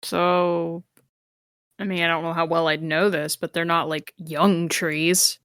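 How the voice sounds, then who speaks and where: A woman's voice: on the low side, level tone, measured pace, a bit bright, clean tone, no echo. A woman playing a tabletop game, matter-of-fact with dry humor. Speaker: player. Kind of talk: casual tabletop play.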